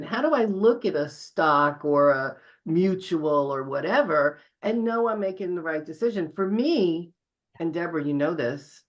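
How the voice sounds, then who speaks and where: Woman client, frank and lively in her asides, lowish voice, dull lo-fi sound. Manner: candid, animated in quoted asides. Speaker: guest client. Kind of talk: casual conversation. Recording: slightly dull, muffled sound.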